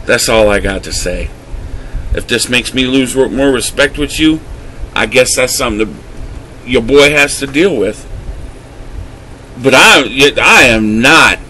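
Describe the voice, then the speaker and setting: A man's voice: mid-range voice, sharp tone, slight background noise, low-quality recording. A man vlogger delivering an angry, emotional rant to camera, swearing heavily as his voice rises and drops. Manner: heated, swearing, voice rising and dropping.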